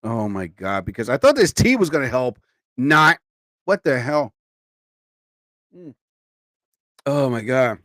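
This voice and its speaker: A sleepy, tired man hosts a casual live-stream chat, rambling and exclaiming often. His mid-range voice is sing-song and a bit bright, slow with frequent pauses. It's a studio mic with no room sound.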